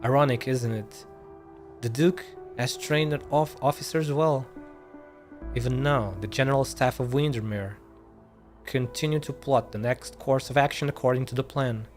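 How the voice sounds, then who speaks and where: A man streaming a game, reading each line of dialogue out loud. His voice sits at an ordinary middle pitch, and he sometimes stumbles and goes back to correct a word. Soft game music plays faintly behind him. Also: normal speed. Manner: reads lines aloud, stumbles and corrects himself.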